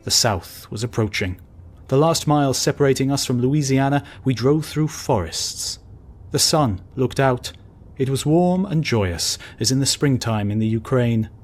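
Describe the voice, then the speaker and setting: A man reading a travel story aloud as an audiobook narrator, measured and steady. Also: mid-range voice. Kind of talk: scripted narration.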